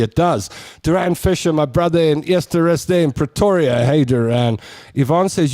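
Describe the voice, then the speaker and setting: A man's voice: on the high side, expressive, normal speed, a little mellow, slight background noise. A man hosting a radio show, chatting in studio banter and whining theatrically for laughs.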